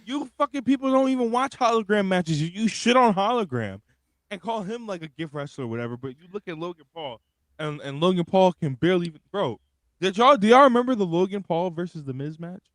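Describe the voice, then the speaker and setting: Animated young man with a lively voice. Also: high-pitched, a little fast, no room sound. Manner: animated, profane, rambling with restarts. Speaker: wrestling podcast co-host. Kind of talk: casual chat.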